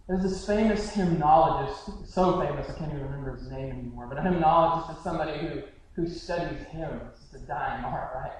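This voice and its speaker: A man's voice: on the high side, brisk, a little hiss or hum. A male pastor preaching a sermon in an earnest, conversational way, often restarting his phrases. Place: church sanctuary. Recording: very echoey hall, mic far off.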